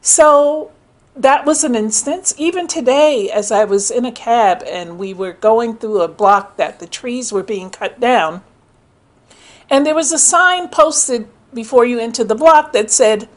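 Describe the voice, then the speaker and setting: A middle-aged woman talking casually into the camera, telling stories and acting out the people in them. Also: on the high side. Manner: storytelling, animated, quotes others in voices. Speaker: commentator. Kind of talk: casual spoken commentary.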